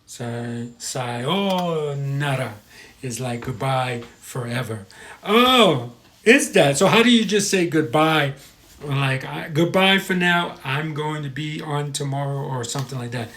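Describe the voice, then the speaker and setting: A man's voice: mid-range voice, lively intonation, unhurried, a bit bright, slight background noise. An American man hosting a live stream, chatting casually, reading viewer comments and stumbling over pronunciations.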